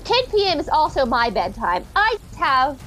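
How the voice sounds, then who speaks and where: A woman's voice: high voice, sing-song, moderate pace, a bit bright. A woman playing a tabletop game, chatty and full of questions. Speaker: player. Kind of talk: casual tabletop play.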